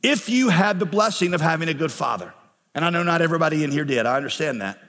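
Earnest pastor preaching in a reverberant hall. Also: male voice, fairly high pitch, expressive, fast talker, a bit bright. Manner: earnest preaching, rising passion on key phrases. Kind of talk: sermon. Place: church sanctuary.

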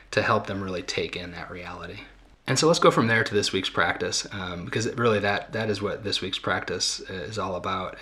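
A man's voice: on the low side, pushed and bright. A middle-aged man hosting a podcast, talking through listener questions in a thoughtful, conversational way with fillers and restarts. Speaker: podcast host. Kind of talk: reflective talk answering listener questions.

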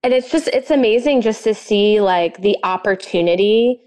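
A woman's voice: mid-range voice, moderate pace, darkish tone. A young woman chatting casually and gushing, with lots of fillers and giggles. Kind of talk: casual chat.

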